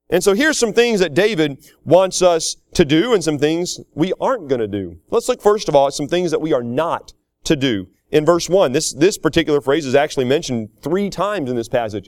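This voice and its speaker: Folksy pastor, higher voice. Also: male voice, normal speed, no echo, studio quality. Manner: folksy, animated, laughing asides. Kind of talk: sermon.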